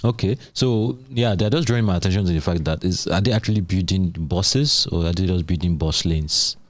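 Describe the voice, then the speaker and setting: A man's voice: deep voice, brisk, no echo. A man hosting a tech podcast, asking questions in a casual, playful conversational way. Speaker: podcast host.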